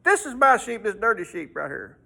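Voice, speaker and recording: A man's voice: sits high, very animated, brisk, gravelly, sharp tone, exaggerated voice. A man doing a firm, plain-spoken Jesus. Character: calm male Jesus claiming his own.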